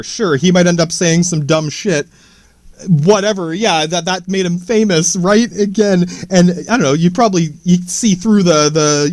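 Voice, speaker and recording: A man with a high voice ranting on a podcast. He swears freely and rambles, restarting sentences as he goes. The sound is dry and close. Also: darkish tone, no room sound. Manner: profane, rambling, many restarts. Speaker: podcast host.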